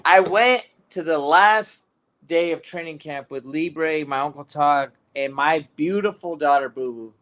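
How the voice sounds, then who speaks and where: A man hosting a casual sports podcast, telling a story in an animated way with plenty of fillers. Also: on the high side, a little slow. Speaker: podcast host.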